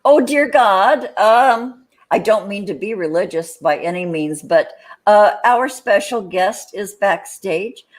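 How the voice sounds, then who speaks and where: A woman's voice: medium pitch, lively intonation, takes it slowly. An older woman hosting a casual live chat on a video call, rambling with lots of fillers. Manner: rambling, many fillers and restarts. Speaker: host.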